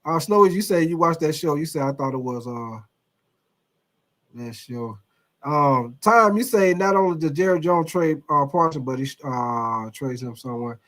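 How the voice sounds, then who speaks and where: A man hosting a casual sports livestream, talking in an animated, slangy way and reading out viewer comments. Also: fairly high pitch, moderate pace, hardly any pauses. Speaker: host.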